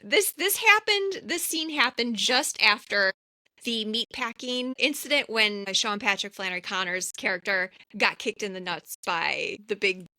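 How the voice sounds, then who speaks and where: This woman has a bright, ringing voice that comes across dry and close on the mic. She chats casually as a podcast co-host, retelling a film's backstory with lively, chatty enthusiasm. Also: mid-range voice, unhurried, no room sound. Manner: animated storyteller, chatty. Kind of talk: casual chat, film recap.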